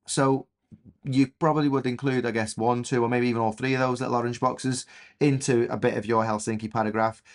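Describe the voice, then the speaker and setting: A man's voice: lowish voice, gravelly. A man with an English accent teaching a recorded history revision lesson, in a chatty, enthusiastic way with frequent fillers.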